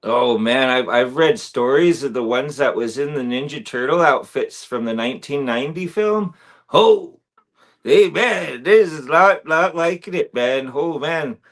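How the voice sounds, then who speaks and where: A man's voice: mid-range voice, animated, unhurried, a bit bright. A man chatting casually as a guest actor, telling stories with frequent laughs and acting out what people said. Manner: storytelling, laughs often, acts out quoted voices. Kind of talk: casual interview chat.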